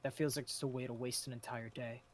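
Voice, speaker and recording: Man, role-play character, storyteller, measured delivery. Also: medium pitch, steady tone, a little hiss or hum.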